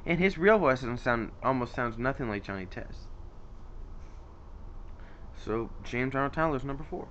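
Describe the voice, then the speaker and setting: A man's voice: medium pitch, lively intonation, normal speed, pauses often, fairly bright tone, muffled recording, a little hiss or hum. A man casually rambling about his favorite voice actors in an unscripted vlog, with lots of fillers and restarts. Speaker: YouTuber ranking voice actors.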